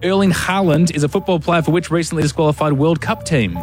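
Aussie radio host, fairly high voice, dry and teasing, quiz banter, music low behind. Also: male voice, fast talker. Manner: dry, exasperated ribbing. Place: radio studio.

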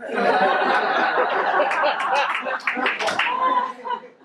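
A woman's voice: very high voice, big pitch swings, extremely slow, crowd noise. A woman comedian closing her stand-up set with wry, teasing lines on a club stage. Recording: echoey room from far off, loud noise.

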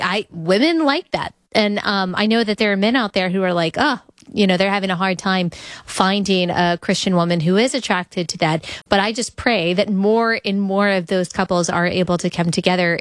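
A woman's voice: mid-range voice, dry recording. Earnest woman host, dry studio sound. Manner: earnest, conversational, faith-focused. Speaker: podcast host. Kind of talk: casual interview chat.

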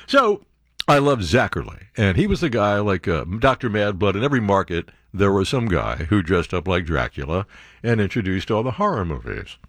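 A man's voice: lowish voice, big pitch swings, moderate pace, a bit bright, no room sound, studio quality. A man, a talk radio host telling a rambling story full of fillers. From the Bronx, New York.

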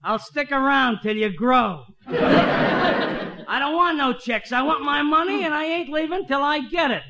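An actor playing a gruff, blunt cab driver who won't budge, in a 1940s radio comedy. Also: male voice, extremely high pitch, animated, measured pace, muffled recording, crowd noise, heavily acted. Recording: old radio with studio audience. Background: studio audience laughter.

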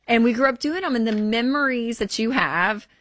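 A woman, co-hosting a radio show with folksy enthusiasm. Her voice sits a little high and sounds close and dry. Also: moderate pace, a bit bright, no echo. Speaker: co-host. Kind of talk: casual radio show chat.

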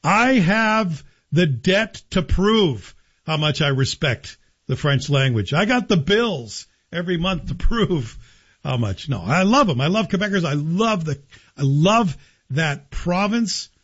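A man hosting a talk radio show, delivering a sarcastic, joking monologue in a husky voice. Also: fairly high pitch, expressive, measured pace, fairly bright tone, muffled recording.

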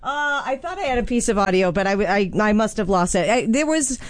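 A woman's voice: on the high side, brisk, no echo. A woman hosting a classic hits radio show, chatting casually in the studio and laughing often. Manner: chatty and giggly, animated delivery. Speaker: radio host.

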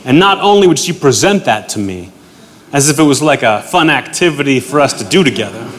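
A man working a comedy club stage, talking into a handheld mic in a dry, deadpan style. The live recording carries a clear bed of noise behind him. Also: medium pitch, a little fast, in a large hall. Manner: dry, deadpan delivery with dark punchlines. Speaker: stand-up comedian. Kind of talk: stand-up set.

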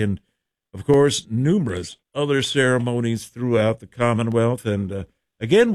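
Male morning radio host, folksy, lively pitch, dry studio sound. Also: no echo. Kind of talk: radio weather and chat.

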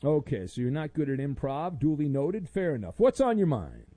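A man's voice: on the high side, sing-song, normal speed, mellow, dry recording. A middle-aged man hosting a sports talk radio show, talking in a wry, rambling way with sarcastic asides.

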